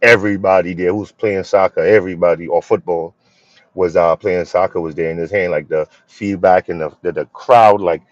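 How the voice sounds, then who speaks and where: A man chats loosely with his viewers, his voice sitting on the low side. He rambles in an easygoing way, trailing into fillers and starting sentences over. The sound is dull and lo-fi, captured dry on a phone with no room around it. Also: fairly even intonation, fairly quick, no echo. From Philadelphia, USA. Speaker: livestream host. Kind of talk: casual live chat with viewers.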